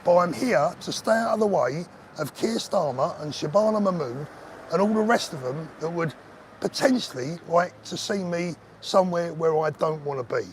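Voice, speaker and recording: An older man talks straight to his viewers on a live stream, earnest and emotional, his voice sitting a little high for a man. Faint street noise and passing traffic hum behind him outdoors. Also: expressive, normal speed. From England. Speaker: livestream host. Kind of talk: live-stream chat reading viewer comments.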